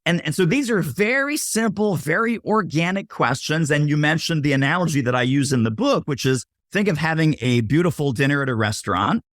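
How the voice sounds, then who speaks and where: A man talks sales on a podcast with a lively, swooping delivery. He acts out little scenes of buyers and waiters and keeps checking in with "right?" The sound is close and dry. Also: on the high side, a little fast, few pauses, no room sound. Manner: punchy teaching tone, often tags lines with "right?". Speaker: podcast guest, sales expert. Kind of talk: casual interview talk.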